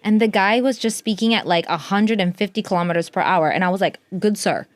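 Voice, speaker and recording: A woman's voice: mid-range voice, fast talker, no echo. A woman from Australia, co-hosting a casual podcast chat, blunt and playful, swearing casually. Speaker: podcast co-host.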